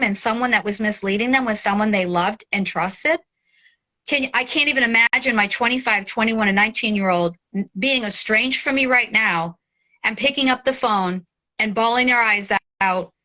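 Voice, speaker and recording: A woman in her forties speaking as an interview guest, heartfelt and tearful, often halting and restarting. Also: fairly high pitch, bright, forceful tone, muffled recording. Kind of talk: emotional interview.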